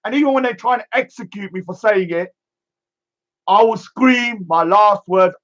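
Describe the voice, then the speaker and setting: High-voiced man ranting scornfully. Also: normal speed, fairly bright tone, muffled recording. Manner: emphatic and scornful, repeating a catchphrase. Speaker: streamer. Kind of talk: ranting monologue.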